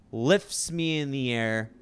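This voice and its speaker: A man's voice: mid-range voice, takes it slowly, clean tone. A young man co-hosting a podcast, telling a story in casual chat and acting out other people's lines.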